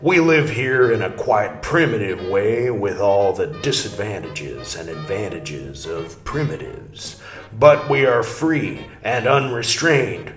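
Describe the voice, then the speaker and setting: A man voicing a haggard male shepherd who left his German homeland, in a deliberately poor German accent, measured and unbothered. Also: fairly low pitch, expressive. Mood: calm. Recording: roomy echo, faint music.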